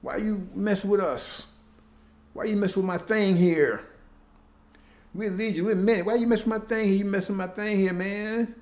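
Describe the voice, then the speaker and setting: Guy playing a cowardly demon, raised whiny pitch, defiant and pushy, repeats himself. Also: steady tone, moderate pace, a little mellow, natural voice. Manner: pleading, repetitive. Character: blustering then groveling male demon.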